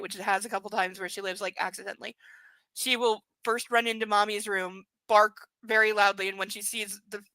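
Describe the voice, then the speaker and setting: Chatty woman host, bright voice, dry close mic, animated asides. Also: medium pitch, no room sound. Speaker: streamer hosting a book club reading. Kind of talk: casual chat and reading aloud.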